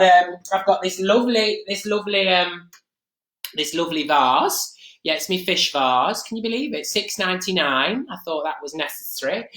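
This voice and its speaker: Someone doing a gossipy middle-aged nottingham lady, rambly and cheeky, bright chirpy voice, echoey room. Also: medium pitch, close to an everyday voice. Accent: East Midlands, Nottingham. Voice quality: rambling, gossipy, with many fillers and asides. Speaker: comic performer hosting a live stream. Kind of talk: chatty comic monologue to an online audience.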